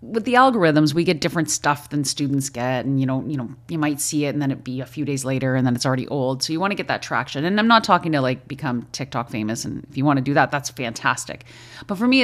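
Chatty low-voiced woman podcaster. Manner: chatty, animated, restarts and laughs often. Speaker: podcast host, school librarian. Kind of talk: casual chat.

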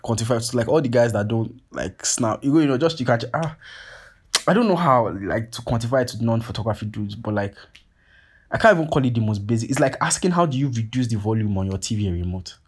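A young man hosting a podcast, telling a story in a casual, profane, animated way, full of "like" and "you get what I'm saying". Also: medium pitch, quick pace, slightly rough. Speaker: podcast host.

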